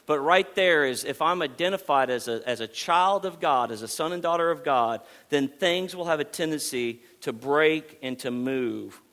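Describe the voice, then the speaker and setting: Male preacher, high and bright tone, animated sermon delivery with restarts. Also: moderate pace, hardly any pauses. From Texas.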